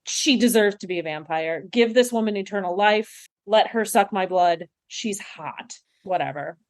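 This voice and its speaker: A woman's voice: medium pitch, a little mellow. A woman co-hosting a podcast, chatting casually and gushing about a TV episode. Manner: effusive, gushing, quick to laugh along. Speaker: podcast co-host. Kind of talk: casual chat recapping a TV episode.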